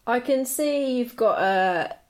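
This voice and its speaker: A woman's voice: a little high, expressive, slow, a loud crowd. A woman hosting a casual interview, prompting her guest with questions and laughing along. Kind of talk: casual video-call interview.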